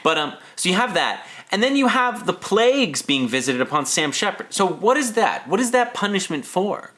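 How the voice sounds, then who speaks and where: A man co-hosting a podcast, chatting casually about a film in an animated way and drawing on his own acting experience. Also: sits high, moderate pace. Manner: animated, chatty, slips into playful put-on voices. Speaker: podcast co-host.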